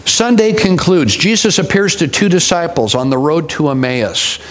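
Male pastor, sermon, higher-pitched, storytelling with dry humorous asides. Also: animated, moderate pace, low-quality recording.

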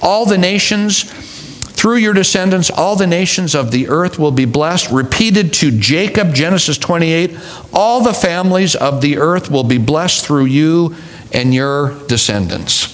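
A man's voice: on the high side, expressive, a little slow. A man preaching a sermon, stressing his points by repeating key phrases. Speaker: pastor.

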